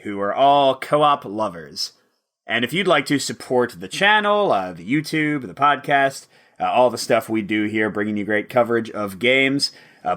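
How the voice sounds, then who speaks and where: Brief: male board game podcast co-host, bright, chatty, laughs at himself. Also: mid-range voice. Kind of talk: casual chat.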